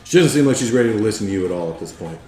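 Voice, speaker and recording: A man running a tabletop game as game master, hesitant, with many fillers and throat clearing. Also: on the low side, animated, racing, darkish tone, echoey room, soft background music.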